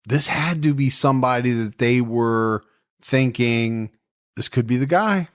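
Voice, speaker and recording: A man's voice: medium pitch, a little slow. A man co-hosting a true-crime podcast, telling the case in a casual, joking, conversational way. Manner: jokey, conversational storytelling with asides. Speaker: podcast co-host.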